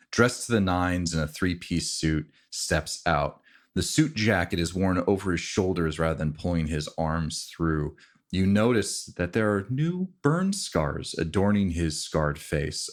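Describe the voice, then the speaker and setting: Brief: male game master, very low voice, measured unhurried narration. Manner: relaxed, descriptive, with fillers and restarts.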